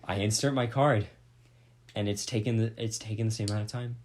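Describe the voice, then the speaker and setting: A man hosting a podcast, casually retelling a mishap with lots of swearing and animated energy. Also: lowish voice, fairly quick, a little hiss or hum. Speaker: podcast host. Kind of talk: casual storytelling.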